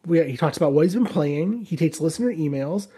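A man's voice: a little high, expressive, fairly quick, warm tone, breathy edge. A man co-hosting a podcast in casual chat, losing his voice, rambling and restarting his sentences. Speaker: podcast co-host.

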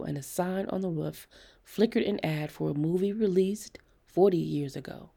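Husky, gravelly woman narrating a story. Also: sits low, warm tone. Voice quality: husky, gravelly, half-whispered. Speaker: audiobook reader.

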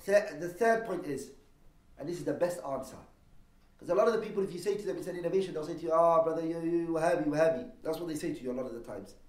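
A man teaching a lesson on Islamic law, explaining terms and posing rhetorical questions, quickly reading Arabic texts and then translating them. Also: fairly high pitch, lively intonation, darkish tone. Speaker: religious teacher. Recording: echoey room, voice from a distance.

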